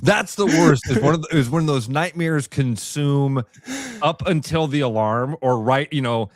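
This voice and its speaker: A man's voice: mid-range voice, a little slow, no room sound, clean studio sound. A man co-hosting a morning radio show, chatting casually and telling rambling, self-deprecating stories.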